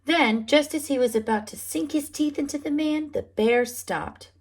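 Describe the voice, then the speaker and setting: A woman preschool teacher reading picture books aloud to young children, animated and often asking them questions. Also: high voice, moderate pace. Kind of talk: storybook read-aloud for children.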